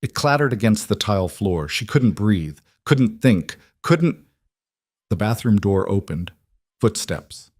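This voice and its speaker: Low-voiced man for steady crime audiobook narration, dry close sound. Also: moderate pace, no room sound.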